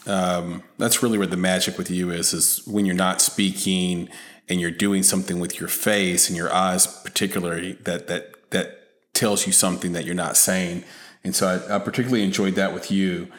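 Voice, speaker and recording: A man hosting a podcast interview, asking questions in a measured way with some hesitation. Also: deep voice, flat delivery, a bit bright. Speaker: podcast host.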